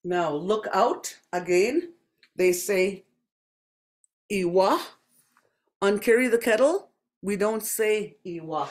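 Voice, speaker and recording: Slow, patient language teacher in an echoey room. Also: medium pitch, expressive. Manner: repeats each word slowly and deliberately, patient explaining. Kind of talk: slow spoken language lesson.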